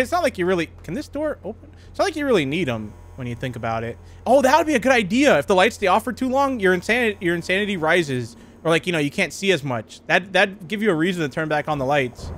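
A man's voice: fairly high pitch, a bit bright, slight background noise. A young man commenting on a horror game as he plays, jumpy and joking, laughing often. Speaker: gaming youtuber.

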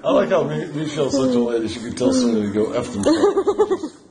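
A man's voice: medium pitch, wildly swooping pitch, fast, echoey room, a crowd in the background. A man vlogging at home, chatting in a playful, teasing way and laughing often. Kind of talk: casual chat. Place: home, indoors.

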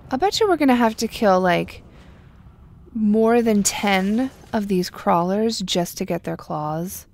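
Young woman, let's-play host; unhurried, wry, gravelly voice. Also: mid-range voice, lively intonation, a little mellow. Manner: chatty, wry, drops to a murmur. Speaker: gameplay video host. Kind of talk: casual let's-play commentary.

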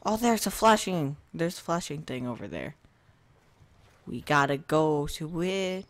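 Speaking into a desk mic at home, this let's-play host talks casually to his viewers and to himself as he plays, calling out when jump scares hit. He has a medium pitch, lively intonation, and an unhurried delivery.

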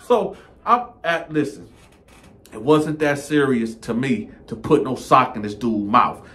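A man hosting a casual storytime, acting out every part with animated delivery and constant filler words. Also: mid-range voice, measured pace. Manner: animated, acts out all parts, repetitive filler 'man'. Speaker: storyteller, channel host.

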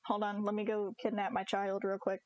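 A woman's voice: medium pitch, level tone, brisk, muffled recording, heavy background noise. A young woman streaming a farming game, chatting casually and giggly with her viewers and her cats. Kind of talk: casual live-stream chat.

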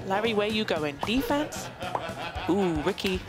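A woman running a rapid question game with a team, her voice sitting mid-range but bouncing up and down a lot. she cheers and teases as she goes. music sits clearly behind her. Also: mid-range voice, lively intonation. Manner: bubbly, quick questions with cheers. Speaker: interviewer. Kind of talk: upbeat team quiz segment.

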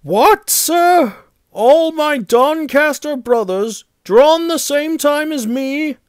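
A man's voice: high voice, animated, takes it slowly, clean tone, dry recording, clean studio sound, pitched above the performer's own voice. A man voicing a proud, pompous big male steam engine who talks in a haughty, huffy way. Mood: gloomy.

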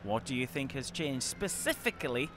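A man's voice: medium pitch, lively intonation, normal speed. Easygoing man presenting a football show. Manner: easygoing, reads results and fan questions. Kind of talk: post-match show hosting. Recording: faint outdoor traffic noise.

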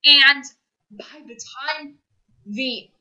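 A young woman talks through a film review in a high, very bright voice. She gushes, repeats her phrases and sounds close to tears at times. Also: drawn-out words, rough recording. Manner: gushing, emotional, repeats phrases. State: choked up, near tears. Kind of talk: casual spoiler review monologue.

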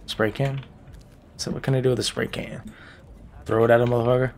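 A man's voice: medium pitch, flat delivery, brisk, creaky, a little mellow, slight background noise. A man giving joking, profane gameplay commentary, talking to himself as he plays. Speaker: gaming YouTuber.

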